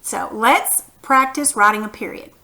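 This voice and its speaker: A woman's voice: fairly high pitch, measured pace, pushed and bright. A woman teaching a punctuation lesson to young children, patient and encouraging, reading example sentences aloud with exaggerated emphasis.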